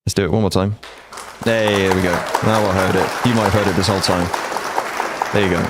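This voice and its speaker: Low-voiced streamer in his forties. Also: little pitch movement, brisk, a loud crowd, very noisy. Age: 40s. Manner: blunt, chatty, swears freely, talks to chat. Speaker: game streamer. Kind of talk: casual live-stream chat.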